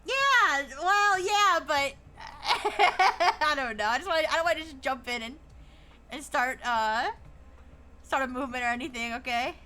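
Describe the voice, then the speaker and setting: A woman's voice: sits high, measured pace, sharp tone. A young woman streaming live who chats casually, giggles often, and reads viewer messages aloud before riffing on them.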